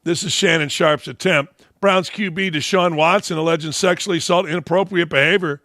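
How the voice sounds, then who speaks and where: A man's voice: on the high side, fairly even intonation, fairly quick, sharp tone, no echo, studio quality. A man hosting a sports talk show, giving brash, mocking, opinionated commentary.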